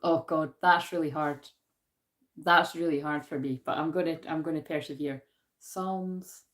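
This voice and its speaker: A Scottish woman with a Glaswegian accent hosts a spiritual card-reading live stream, chatting casually, reading verses, laughing often, poking fun at herself and answering viewers. Her voice sits low, with little pitch movement, a normal speed and a fairly bright tone.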